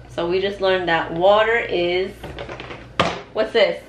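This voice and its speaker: A woman's voice: medium pitch, a little slow, background noise. A young mother vlogging casually at home with a handheld camera. She chats, laughs often and slips into Spanish with her child. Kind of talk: casual family vlog. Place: home, indoors.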